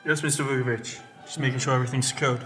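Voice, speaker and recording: An actor playing a deferential security guard. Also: male voice, medium pitch, fairly even intonation, rapid-fire, a bit bright, faint music behind, lightly acted. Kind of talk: film acting.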